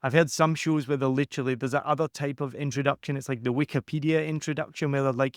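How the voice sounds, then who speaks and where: A man's smooth, resonant voice at a middle pitch, talking in an energetic, conversational way as he coaches a podcaster. He acts out little quotes as he explains. The sound is dry and close, with no room around it. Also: quick pace, hardly any pauses, no echo.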